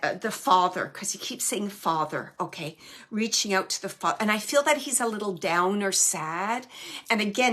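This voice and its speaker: A woman's voice: medium pitch, a bit bright. A woman hosting a show and giving a live mediumship reading, searching for words with many restarts.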